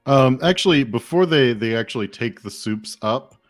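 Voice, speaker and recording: A man's voice: medium pitch, lively intonation, moderate pace, faint music behind. A man narrating a tabletop game as game master, hesitant and full of fillers.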